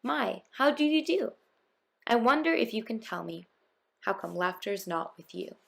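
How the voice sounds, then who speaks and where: A woman voicing a kind, hopeful male court jester in a storybook reading, gentle and coaxing. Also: on the high side, expressive, a little slow, creaky, exaggerated voice.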